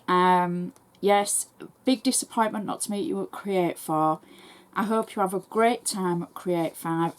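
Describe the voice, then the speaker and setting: An English woman who hosts crafting tutorials, reading viewer messages aloud in a brisk, chatty and thankful way. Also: medium pitch. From England.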